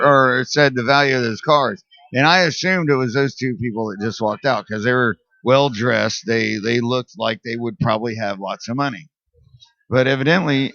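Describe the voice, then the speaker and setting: A man's voice: mid-range voice, fairly bright tone, dry recording, dull audio. A man co-hosting a casual podcast, telling stories in a rambling, laid-back way. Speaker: podcast co-host. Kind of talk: casual chat.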